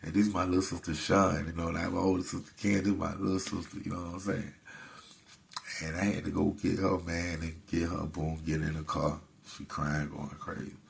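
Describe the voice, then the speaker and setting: Very deep, gravelly-voiced man. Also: flat delivery, fairly quick, slight background noise. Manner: laid-back, peppered with "man" and "you know". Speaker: host. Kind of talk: casual storytelling to camera.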